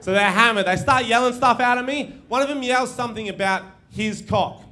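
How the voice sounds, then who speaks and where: A man's voice: extremely high pitch, a little fast, bright, forceful tone, slight background noise. A young man doing a stand-up comedy set, brash and swearing, laughing at his own jokes. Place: live comedy venue with audience.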